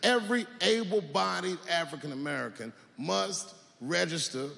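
A man performing stand-up comedy on stage, with profane, conversational punchlines and long pauses. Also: fairly high pitch, animated, gravelly, bright, forceful tone. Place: stage in a hall with a live audience. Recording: echoey hall with crowd noise.

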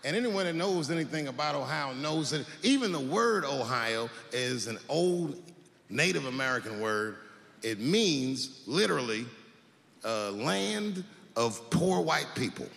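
A man performing stand-up comedy on stage, with profane, conversational punchlines and long pauses. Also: mid-range voice, lively intonation, vocal fry, a bit bright. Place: stage in a hall with a live audience. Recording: echoey hall with crowd noise.

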